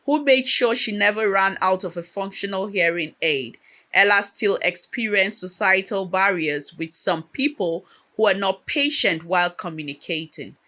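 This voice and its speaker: A documentary narrator reading a scripted narration in a measured, steady way. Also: medium pitch.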